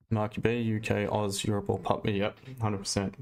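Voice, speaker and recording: Australian man, lowish voice, blunt ranting stream chat, faint music underneath. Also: level tone, slow, a little mellow. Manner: blunt and ranting, with mild swearing. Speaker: live trading streamer. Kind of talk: casual live-stream chat.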